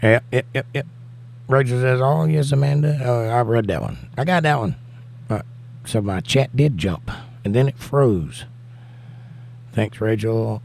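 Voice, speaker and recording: A man's voice: medium pitch, gravelly. A man with a Southern US accent, hosting a casual livestream and reading chat messages aloud. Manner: reads chat messages aloud and answers them warmly. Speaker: livestream host and singer. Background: guitar playing.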